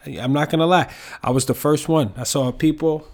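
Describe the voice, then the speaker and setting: A man's voice: on the high side, steady tone, brisk. A young man hosting a podcast, talking casually in a rambling, profane monologue. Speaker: podcast host.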